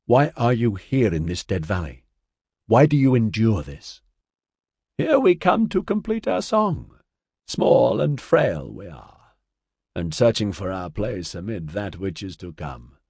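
A man reading an audiobook, voicing an ancient, sad female alien who speaks in slow, lilting riddles. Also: fairly low pitch, very animated, darkish tone, slightly rough, no room sound, studio quality, exaggerated voice. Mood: mournful. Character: ancient serene female alien singer, mournful.

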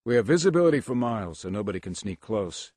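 Man voicing a curt one-eyed guard, deep voice, dry close sound, audiobook. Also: big pitch swings, fast, darkish tone, no echo. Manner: clipped, curt. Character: hard, terse one-eyed male convoy guard. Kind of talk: audiobook character voice.

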